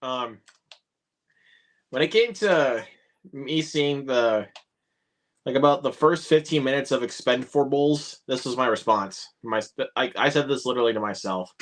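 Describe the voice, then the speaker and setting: A man's voice: mid-range voice, a little slow. A man hosting a casual live Q&A, swearing freely and cracking dry jokes. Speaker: host.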